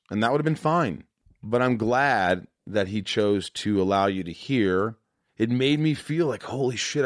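Low-voiced frank man hosting a podcast. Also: no room sound, clean studio sound. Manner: frank and profane, openly emotional; rambling with many restarts and fillers. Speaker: podcast host. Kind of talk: casual candid chat.

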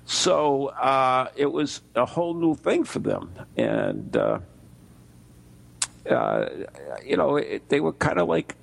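An American man co-hosting a radio show, telling a story in a rambling, halting way with many fillers. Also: mid-range voice, sing-song, vocal fry. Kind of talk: casual radio banter.

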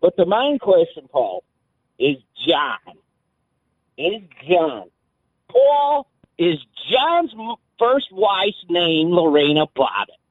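A man's voice: sits high, very animated, slow pace, dry recording. A man calling in to a sports radio show, trash-talking and mocking in a sing-song way. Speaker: caller. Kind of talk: trash-talking call-in banter. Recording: dry tinny phone line.

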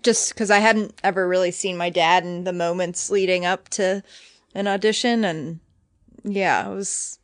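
A woman guest chatting casually on a podcast, relaxed and trailing off as she talks. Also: on the low side, normal speed, dry recording, clean studio sound. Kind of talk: casual chat.

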